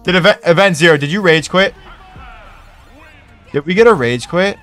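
A young man streaming live, chatting casually with his viewers in an excitable, profane, hyped-up way. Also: high-pitched, moderate pace, soft background music. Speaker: Twitch streamer. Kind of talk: casual livestream chat.

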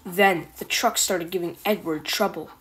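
A woman narrating a children's storybook with calm, even storytelling. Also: lowish voice, normal speed, slightly rough. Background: background music.

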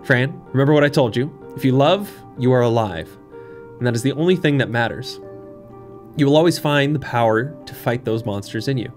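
A man doing a gentle talking cat. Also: medium pitch, faint music behind, natural voice. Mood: tender. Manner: soft, slow and reassuring. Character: gentle talking male cat, kind and comforting.

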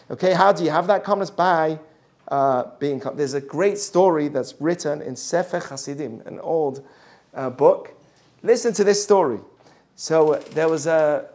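High-voiced man teaching a Torah class. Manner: storytelling, asks the class questions, drops to a soft voice for drama. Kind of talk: classroom Torah lesson with stories. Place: classroom with students.

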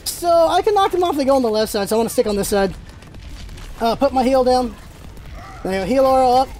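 A gaming channel host giving live gameplay commentary, excitable and firing off rapid callouts to teammates. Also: high voice, slight background noise.

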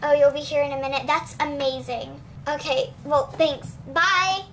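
A woman's voice: sits high, steady tone, normal speed, fairly bright tone, slight background noise. A woman voicing a kind, busy daycare teacher doll in doll play, chatty and soothing toward the children. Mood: worried.

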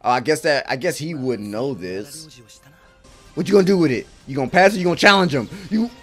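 A man's voice: a little high, expressive, brisk, faint music behind. A man hosting an anime reaction video, talking in casual, slangy commentary, exclaiming and laughing often.

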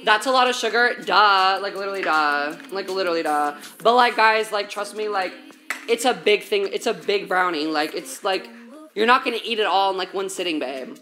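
A woman's voice: mid-range voice, normal speed, bright, forceful tone, slight background noise. A young woman streaming while she bakes, chatting in slangy, profane valley-girl talk straight to her viewers from a home kitchen. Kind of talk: casual baking livestream chat.

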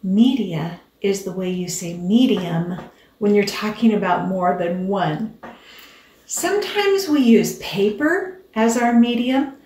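An older woman hosting a children's show, teaching gently and patiently, explaining step by step. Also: mid-range voice, echoey room, far from the mic.

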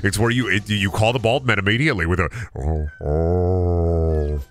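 Talking very fast in a lowish, slightly bright voice, a young man streams a video game over soft background music. He chats casually and goofs around, swearing a lot and making silly voices and noises.

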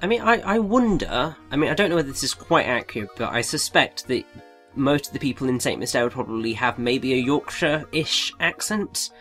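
A man's voice: mid-range voice, lively intonation, brisk, a bit bright, faint music behind. An English man chatting casually while commentating a puzzle game playthrough, explaining British references. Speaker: let's play commentator. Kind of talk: casual gaming chat.

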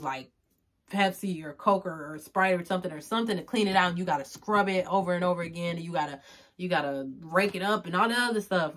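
A woman's voice: on the low side, a bit bright. Rambling, teary woman tarot reader. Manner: rambling, filler-heavy, emotional and tearful at times. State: close to tears. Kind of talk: casual general tarot reading to camera.

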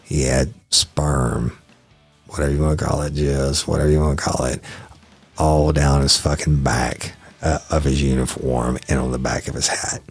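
A man's voice: very deep voice, level tone, moderate pace, husky, soft background music. A middle-aged man with a Southern US accent, hosting a podcast and telling a true-crime story bluntly and profanely. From Louisiana. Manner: profane, blunt, acts out quoted dialogue. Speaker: podcast host, former detective.

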